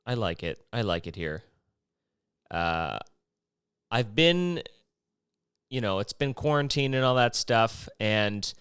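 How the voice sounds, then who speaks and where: A man's voice: on the low side, lively intonation, slow, pauses often, fairly bright tone, clean tone, no room sound, studio quality. A man from Maryland hosting a casual solo podcast, rambling and profane and jumping between topics. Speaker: podcast host.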